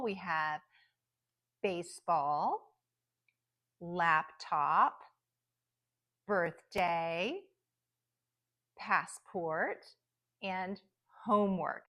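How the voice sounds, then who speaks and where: An American woman teaching English pronunciation, stretching out example words slowly and articulating each syllable clearly. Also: medium pitch, fairly bright tone. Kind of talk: pronunciation lesson.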